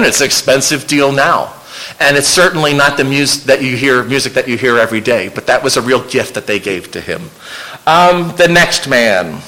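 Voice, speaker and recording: Speaking to an audience as a local historian with slides, a man keeps his illustrated history lecture informal, chatty and full of wry remarks. The voice sits a little high and sounds a bit bright, though the audio quality is poor.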